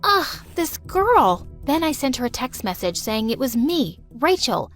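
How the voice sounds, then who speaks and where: A young woman narrating a first-person storytime in a dramatic, expressive way. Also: on the high side, normal speed, soft background music.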